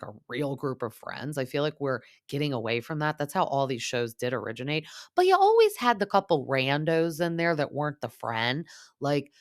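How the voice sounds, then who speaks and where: A young woman hosting a podcast, recapping reality TV in a chatty, gossipy way and quoting the cast in quick impressions. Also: rumbling low. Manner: chatty, gossipy, lots of "like", mimics cast members. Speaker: podcast host.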